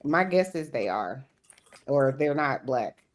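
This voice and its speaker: Low-voiced woman chatting on stream. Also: big pitch swings, takes it slowly. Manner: chatty, rambling, laughs easily. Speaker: stream host. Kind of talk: casual chat reacting to a video.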